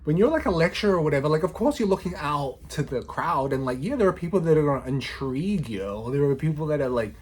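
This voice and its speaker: A man's voice: fairly high pitch, lively intonation, fast, few pauses, a little mellow, breathy edge. A man in his thirties, a law student, chatting casually to camera in a playful, slangy way, often breaking into laughter. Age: 30s.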